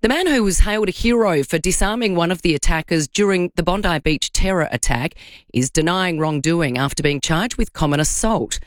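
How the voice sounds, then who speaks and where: A woman with an Australian accent reading the radio news in a measured, formal way. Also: fairly low pitch, no room sound. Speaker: news presenter.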